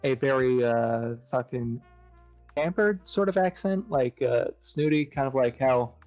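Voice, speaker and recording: A man's voice: mid-range voice, animated, measured pace, a little mellow, dull audio, faint music behind. A man in casual podcast chat who rambles with many "uh"s and swears freely. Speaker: podcast co-host.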